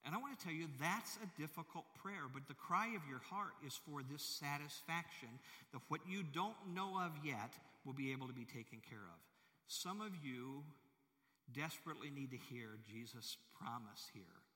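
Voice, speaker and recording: A man's voice: on the high side, animated, normal speed, pushed and bright. A male pastor preaching a sermon in a large church, emphatic and full of rhetorical questions to the congregation. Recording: long hall reverb.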